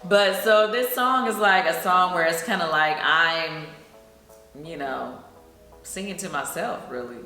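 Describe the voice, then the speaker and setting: A woman's voice: lowish voice, unhurried, sharp tone. A middle-aged woman from Atlanta, chatting casually about a singing show and filling her talk with "you know". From Atlanta, Georgia. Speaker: singer and vlogger. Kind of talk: casual behind-the-scenes chat. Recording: echoey room, faint music behind.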